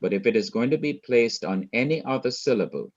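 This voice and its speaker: A man from Jamaica teaching a Hebrew grammar class online, explaining slowly and repeating his points. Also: mid-range voice, animated, dull audio. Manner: slow, patient, repeats points.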